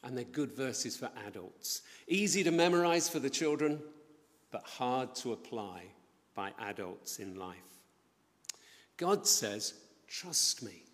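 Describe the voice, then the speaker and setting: A middle-aged man preaches from the front of a church, with his voice trailing off into a long reverb. He tells the story with plenty of energy and acts out the voices of the people in it. His pitch sits in an ordinary middle range. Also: lively intonation, a little slow. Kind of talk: sermon. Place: church building.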